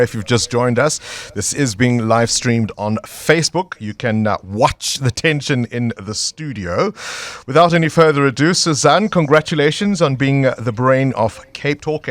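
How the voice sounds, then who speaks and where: A man hosting a live radio quiz, reading questions briskly in a studio. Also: medium pitch, no room sound.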